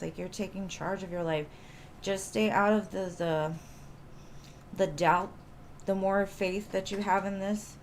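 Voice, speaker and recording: A woman's voice: on the low side, creaky, a little mellow, a little hiss or hum. Chatty woman giving tarot readings. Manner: reassuring, chatty, many fillers like "like". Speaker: tarot reader. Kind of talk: live-stream tarot reading.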